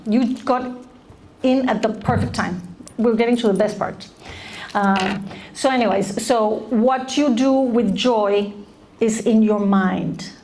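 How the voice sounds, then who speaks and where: A middle-aged woman giving a lively talk to college students, often putting questions to the audience. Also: medium pitch, a little hiss or hum. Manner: animated, asks the audience questions. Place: lecture room.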